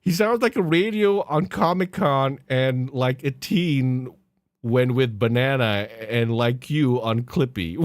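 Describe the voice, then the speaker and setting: A man's voice: mid-range voice, expressive, takes it slowly, darkish tone, dry recording. A man hosting a podcast, reacting to clips with mocking laughter and swearing. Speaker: podcast host. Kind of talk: casual commentary on clips.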